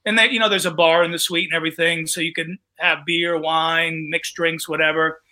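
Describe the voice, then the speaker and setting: A comedian and show host tells a story in casual podcast conversation, speaking a little fast in a voice on the high side. He's an animated storyteller who acts out the voices of the people in his tale.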